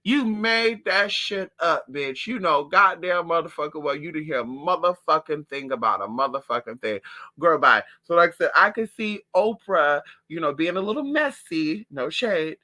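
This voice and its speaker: Sassy, bright-voiced man gossiping. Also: fairly high pitch, normal speed. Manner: sassy, profane, animated. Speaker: vlogger. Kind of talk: casual gossip monologue. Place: home.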